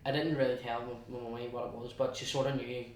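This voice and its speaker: A young man with a Belfast accent tells his story in a chatty, halting way, often restarting and slipping into quoted asides. His voice sits at an ordinary middle pitch. It is heard from a distance in a very echoey room. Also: flat delivery, a little hiss or hum. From West Belfast, Northern Ireland. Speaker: guest. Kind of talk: casual storytelling interview.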